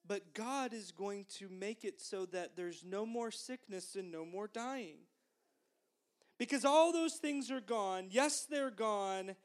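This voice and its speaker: A woman leading a children's sermon at an unhurried pace. She speaks gently and encouragingly, pausing so the little ones can repeat phrases after her. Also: medium pitch, expressive. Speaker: children's minister.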